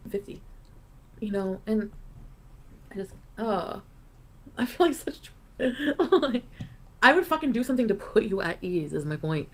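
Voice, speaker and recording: A woman's voice: mid-range voice, big pitch swings, a little slow, pauses often, a little hiss or hum. A woman in a played clip ranting on a livestream, profane and rambling. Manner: profane, rambling, laughing between lines. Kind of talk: casual livestream rant.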